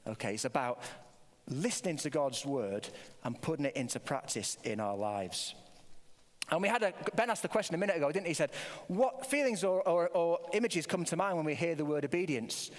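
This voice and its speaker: Older male preacher, playful with kids, bright high animated voice, echoing church hall. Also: fairly quick. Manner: playful, quizzes the children, many restarts. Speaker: preacher leading a family service. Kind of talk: all-age church talk with a toy dog. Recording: long hall reverb.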